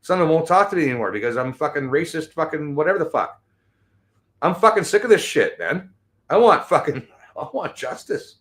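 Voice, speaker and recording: A man, delivering an angry, profane rant that swings between shouted bursts and low mutters. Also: expressive, fairly quick. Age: 50s. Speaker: show host.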